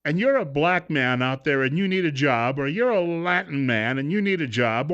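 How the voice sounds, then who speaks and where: A man's voice: a little high, lively intonation, brisk, few pauses, fairly bright tone, clear, resonant tone, lo-fi sound. A middle-aged man hosting talk radio, delivering a sarcastic, combative opinion monologue. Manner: sarcastic, combative, reads quotes aloud.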